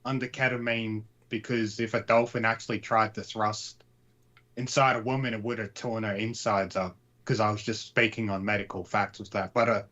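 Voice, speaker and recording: A man's voice: on the low side, flat delivery, moderate pace, sharp tone, dull audio. A man, a regular on a talk show, chiming in in a matter-of-fact way. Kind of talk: casual call-in chat.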